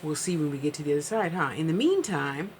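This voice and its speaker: A woman's voice: deep voice, big pitch swings, quick pace, slight background noise, rough recording. A woman hosting a live-streamed psychic reading, chatting casually and rambling with frequent asides.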